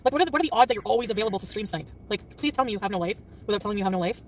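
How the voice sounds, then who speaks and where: A woman rattles through a casual livestream, defensive and quick to snap back at anyone in her chat. Her words tumble out at a hurried clip. She sits away from the mic, with a faint hum of traffic behind her. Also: medium pitch, animated, distant mic. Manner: quick, defensive, often laughing and snapping back.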